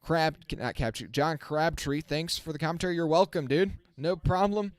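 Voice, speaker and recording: A man giving casual live-stream race commentary as the channel host, chatting with his viewers and getting excited on the restarts. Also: on the high side, moderate pace, no echo. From not from the South. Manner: self-correcting, talks to the chat.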